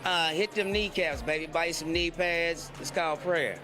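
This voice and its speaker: A man's voice: fairly high pitch, normal speed. A man in an interview clip, talking in a preachy, playful way and calling people baby. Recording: outdoor clip with music and crowd.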